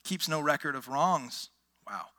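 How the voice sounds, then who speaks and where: A man preaching a sermon with a high, ringing, very bright voice. He drives his points home with emphasis, asks the congregation questions and breaks into quick exclamations. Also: animated. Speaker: pastor.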